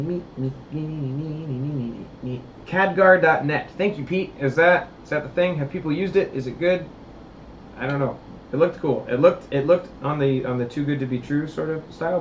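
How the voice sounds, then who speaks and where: A man hosting a casual live stream while building puppets, rambling and answering chat comments. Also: mid-range voice. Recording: roomy, dull, faint hiss.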